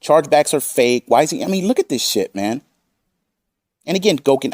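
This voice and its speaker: A man's voice: medium pitch, sing-song, a little fast, darkish tone, no room sound, studio quality. A man hosting a commentary channel, combative and profane as he reads out and mocks chat messages. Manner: combative, swearing, reads chat quotes aloud.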